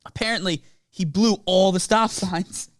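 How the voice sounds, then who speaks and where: A young man co-hosts a podcast, chiming in with his own slangy family story. His voice is notably high for a man, and the sound is dry and close-miked. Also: steady tone, a little slow, no echo. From Long Island, New York. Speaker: podcast co-host. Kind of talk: casual storytelling chat.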